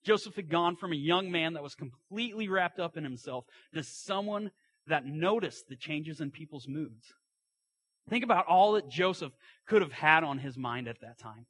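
A man's voice: fairly high pitch, expressive, normal speed, fairly bright tone, slightly rough, no echo. A man preaching a sermon, retelling a story in a folksy way with asides and acted-out quotes.

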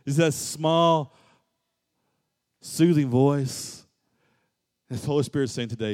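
A man's voice: a little high, animated, slow, pauses often. Man preaching in an echoing hall. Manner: dynamic preaching, swings from loud emphatic to soft and hushed. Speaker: pastor. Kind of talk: sermon.

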